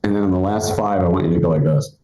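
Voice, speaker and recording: A man's voice: sits low, quick pace, dark tone, reverberant, rough recording. A man in his forties doing a live stand-up set, chatty and rambling, full of fillers and restarts. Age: 40s. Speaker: stand-up comedian. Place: comedy club stage.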